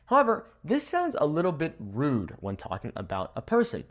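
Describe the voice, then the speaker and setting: A man's voice: fairly high pitch, huge pitch swings, moderate pace. A young man teaching a Spanish vocabulary lesson at a whiteboard, upbeat and playful, with a laugh at his own jokes. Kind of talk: video language lesson. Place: room with a whiteboard.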